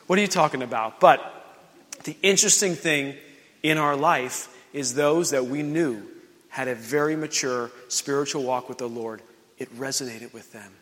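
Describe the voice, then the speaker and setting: A man pastor preaching at a midweek prayer service, retelling a Bible story in lively fashion and acting out its dialogue. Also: medium pitch, long reverb tail.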